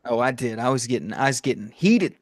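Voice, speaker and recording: A man's voice: mid-range voice, expressive, brisk. A man co-hosting a casual podcast, chatting animatedly about wrestling and laughing often. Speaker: podcast co-host. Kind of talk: casual chat reviewing wrestling.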